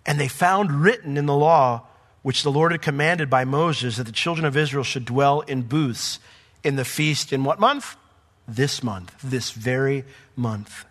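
Speaking at a measured pace in a medium-pitched voice, a pastor delivers a sermon. He reads scripture aloud and works through it verse by verse, moving from soft asides up to raised, forceful points.

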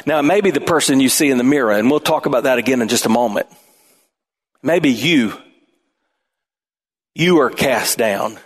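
A man preaching a sermon as pastor, emphatic and at times shouting. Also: medium pitch, moderate pace, pauses often, slightly rough.

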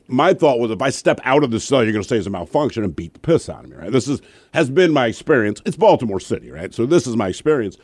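Animated man telling a wild story. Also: lowish voice, no room sound. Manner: animated, acts out shouted quotes in his anecdotes. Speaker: radio co-host. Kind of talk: casual storytelling on talk radio.

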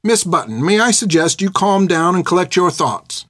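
A man putting on a calm, unbending older nun. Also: high voice, gravelly, no room sound, studio quality, voice pushed up. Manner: measured, genteel.

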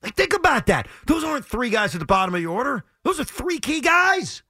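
A man with a high, bright voice that swings up and down as he talks sports on the radio. He sounds exasperated and hammers his points home by repeating them. The studio sound is dry and close. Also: a little fast, slightly rough, dry recording. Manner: animated, exasperated, emphatic repetition. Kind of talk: heated sports talk.

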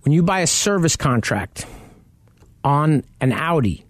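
On a talk show about buying cars, a male co-host tells anecdotes casually and acts out what people said. His voice sits on the high side and is very animated, delivered at a measured pace with no echo.

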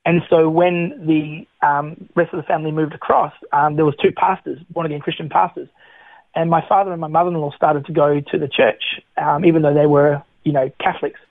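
Middle-aged man, radio guest, animated storyteller, somewhat high voice, tinny phone-line sound. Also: fairly quick, dry recording. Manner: animated, chatty, frequent restarts. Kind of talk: personal testimony storytelling.

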